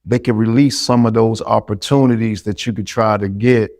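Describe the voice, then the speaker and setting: A man's voice: on the low side, fairly even intonation, moderate pace, darkish tone, no echo, studio quality. A middle-aged man, giving earnest, encouraging answers as a podcast guest.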